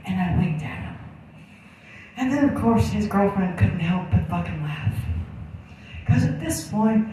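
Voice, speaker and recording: A woman's voice: mid-range voice, animated, a little slow, pauses often, dark tone, slight background noise. Sarcastic, crude woman comic, echoey. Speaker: comedian. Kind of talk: stand-up storytelling. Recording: echoey room from far off.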